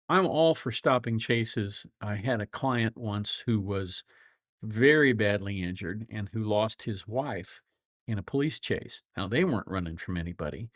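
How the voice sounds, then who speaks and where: A middle-aged man with a flat Midwestern accent, a lawyer hosting a casual livestream, rambling through folksy stories and chuckling often. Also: fairly low pitch, no room sound, studio quality. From grew up all over the world.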